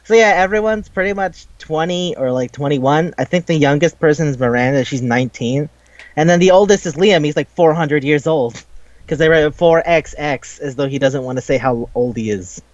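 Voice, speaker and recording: A young man co-hosting a casual game chat, animated and swearing, often acting out game dialogue. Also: on the high side, moderate pace, no room sound. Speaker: podcast co-host. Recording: dry, muffled lo-fi mic.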